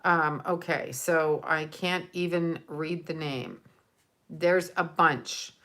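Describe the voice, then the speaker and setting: This is a middle-aged woman vlogging, her low-pitched, slightly bright voice moving slowly with fairly even intonation. She rambles casually to her audience, filling pauses often as she displays the gifts they sent and says thanks.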